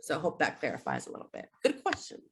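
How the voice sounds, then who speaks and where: A woman's voice: low voice, huge pitch swings, quick pace, husky. A woman in her thirties, a behavior analyst giving a casual parent workshop, chatty with lots of fillers and tag questions, acting out upbeat phrases for kids. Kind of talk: casual online parent training talk.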